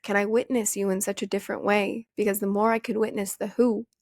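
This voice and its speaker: A young woman hosting a podcast, talking casually and with energy, swearing freely and acting out her old questions in a higher voice. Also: little pitch movement, a little fast, darkish tone, no room sound, clean studio sound. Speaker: podcast host. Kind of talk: casual motivational monologue.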